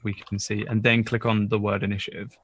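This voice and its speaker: A man running a tabletop game as dungeon master, narrating in a relaxed, hesitant way with many fillers. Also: on the low side, brisk, slight background noise.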